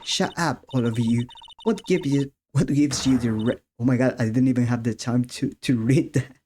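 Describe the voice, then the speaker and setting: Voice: moderate pace, darkish tone, slight background noise, natural voice. A streamer voicing a sly, dramatic young woman witness, acting coy and theatrical while reading game dialogue aloud, with faint game music behind. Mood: shrill. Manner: coy and theatrical, turning shrill when cornered.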